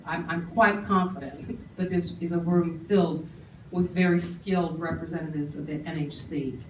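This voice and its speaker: A woman telling lively stories to a live audience in a meeting room, acting out the people she quotes. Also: on the low side, a little hiss or hum. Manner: animated storyteller acting out quoted voices. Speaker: speaker on paper clutter. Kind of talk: storytelling talk to an audience. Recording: echoey room, voice from far off.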